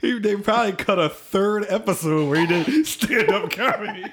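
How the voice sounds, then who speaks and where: A man's voice: high voice, lively intonation, normal speed, over a noisy crowd. A man in casual chat, joking and laughing a lot. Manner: laughing, jokey.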